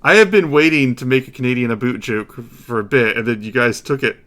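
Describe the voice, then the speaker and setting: A man's voice: mid-range voice, brisk, a bit bright. A man running a tabletop game on a livestream, joking and exasperated, with some swearing. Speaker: game master.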